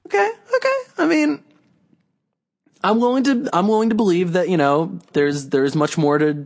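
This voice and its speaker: Sarcastic man with a lively voice. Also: mid-range voice. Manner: sarcastic, animated, rambling. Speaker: podcast co-host. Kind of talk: casual wrestling chat.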